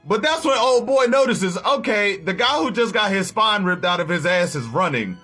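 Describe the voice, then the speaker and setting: Man, casual comic recap, slangy and profane, high bright voice, faint music behind. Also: normal speed, hardly any pauses, husky. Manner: profane, slangy, animated storytelling.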